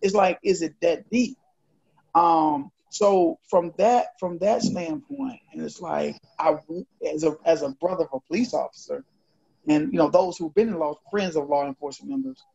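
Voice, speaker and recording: A man's voice: high voice, normal speed, gravelly, slightly rough. A man co-hosting a podcast, telling a personal story casually and acting out the dialogue. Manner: animated, acts out dialogue. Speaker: podcast co-host. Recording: dull lo-fi podcast audio.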